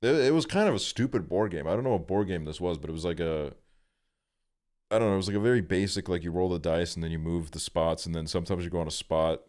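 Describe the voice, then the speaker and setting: A young man with a very deep, smooth, clear voice tells a rambling story in a laid-back, casual way. He swears freely as he streams. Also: quick pace, darkish tone.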